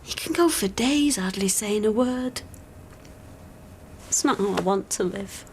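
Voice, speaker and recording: An actress gives a worn-out wife who can't sleep, halting and sighing, wry at times. Her voice sits in a plain middle range. Faint noise lies under the TV scene. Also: medium pitch, lightly acted. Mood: frustrated. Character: weary insomniac woman, soldier's wife. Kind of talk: TV drama acting.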